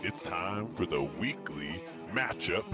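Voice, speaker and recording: A man voicing a deep, dramatic male announcer who introduces a segment over music. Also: animated, slow pace. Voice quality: low sultry announcer tone.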